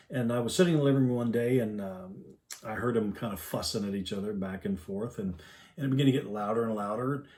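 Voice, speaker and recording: A man's voice: mid-range voice, a little mellow. A man in his fifties, a father telling a family story in an easygoing, homespun, chuckling way. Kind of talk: folksy storytelling.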